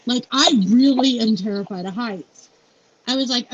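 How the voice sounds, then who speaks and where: High-voiced woman telling a heartfelt story. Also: lively intonation, moderate pace. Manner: candid and heartfelt, many fillers like "like" and "you know". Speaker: founder and CEO interviewed as guest. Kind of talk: emotional personal storytelling. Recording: dull lo-fi sound with faint noise.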